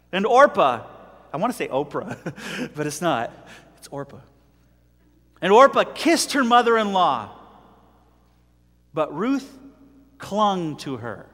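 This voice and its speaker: A man's voice: high-pitched, big pitch swings, slow pace, long pauses, fairly bright tone. A man preaching a sermon in a conversational way, retelling scripture and acting out its voices. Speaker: pastor. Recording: long hall reverb.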